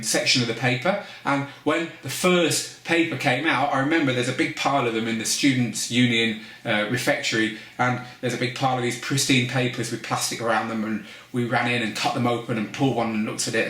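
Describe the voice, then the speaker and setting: A man from Manchester, hosting a DJ course and teaching through a candid personal story, his pitch lifting as he stresses points. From Manchester, England. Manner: conversational, candid storyteller with lively pitch lifts. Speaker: DJ course host. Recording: roomy echo.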